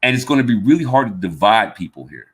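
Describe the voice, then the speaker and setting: This podcast host, a Southern man in his fifties with a slight drawl, talks fast in a fairly low, slightly rough voice with big swings in pitch. He chats casually and loosely, frequently repeating words as he works out what to say.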